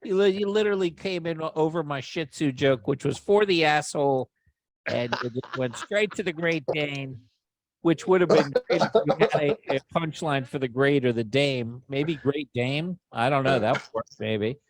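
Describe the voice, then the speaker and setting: A man's voice: fairly high pitch, moderate pace. A man hosting a comedy podcast, riffing wryly and building crude jokes in casual banter. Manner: wry, riffing, acts out bits in quoted voices. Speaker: podcast host.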